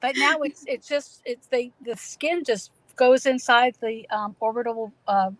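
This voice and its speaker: A woman's voice: fairly high pitch, a little slow, no room sound, rough recording. A middle-aged woman with a New England accent, chatting casually as a guest, with lots of fillers and restarts. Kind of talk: casual video chat.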